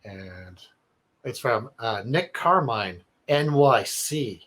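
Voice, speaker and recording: A talk show host runs a casual, comedic call-in advice show, laughing often as he reads listener emails aloud. His medium-pitched voice is expressive and a bit bright, and he takes things slowly.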